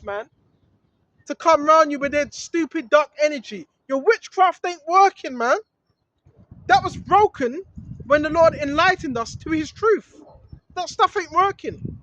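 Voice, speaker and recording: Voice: high-pitched, low-quality recording. A street preacher filming outdoors, reading scripture and scolding opponents in a fervent, blunt manner full of slang. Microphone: handheld camera filming.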